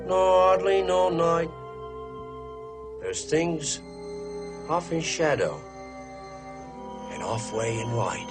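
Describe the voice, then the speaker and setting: A man's voice: fairly high pitch, slow, pauses often. A man playing a cheerful chimney sweep in a musical film, with a put-on Cockney accent and an exaggerated sing-song lilt. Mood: jaunty. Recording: film clip with music behind.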